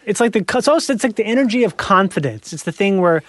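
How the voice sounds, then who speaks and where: A man chatting casually in an animated, rambling way, full of fillers and quick laughs. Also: high-pitched, no room sound. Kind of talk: casual chat.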